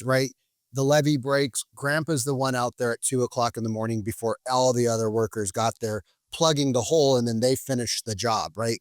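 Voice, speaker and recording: A man telling stories as a podcast guest in a lively, casual way. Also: medium pitch, dry recording, clean studio sound. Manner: animated, acts out quoted people. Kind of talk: casual storytelling.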